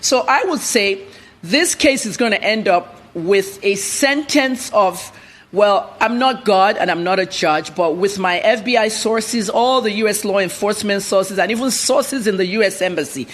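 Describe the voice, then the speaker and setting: A woman's voice: mid-range voice, moderate pace. A woman journalist, a guest in a TV news interview, telling her story bluntly and with animation.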